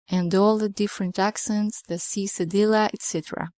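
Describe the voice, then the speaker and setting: Woman, language teacher, careful clear delivery, dry close sound. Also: lowish voice, fairly even intonation, moderate pace, warm tone, dry recording. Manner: clear, patient, pronounces example words carefully. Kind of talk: scripted pronunciation lesson.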